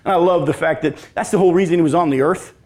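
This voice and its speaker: A man's voice: a little high, rapid-fire. A man preaching a sermon as pastor, acting out scripture lines and asking the congregation questions. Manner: animated, acts out scripture lines, talks with congregation.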